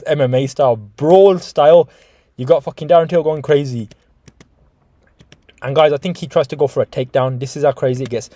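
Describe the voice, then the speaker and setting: A man's voice: fairly high pitch, a little mellow, no room sound. A man hosting a casual reaction video, swearing constantly, rambling through restarts and calling his viewers guys.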